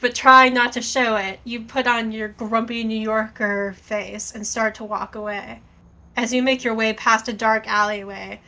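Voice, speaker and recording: A woman streaming a story game, reading its text aloud and thinking out loud in a casual way, with plenty of swearing. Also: fairly high pitch, poor audio.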